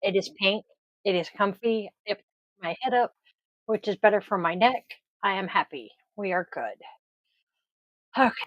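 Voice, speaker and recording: A woman's voice: mid-range voice, lively intonation, moderate pace, pauses often, no room sound, dull audio. A woman chatting casually to her viewers while setting up a tarot reading, sleepy and groggy, easygoing and self-deprecating.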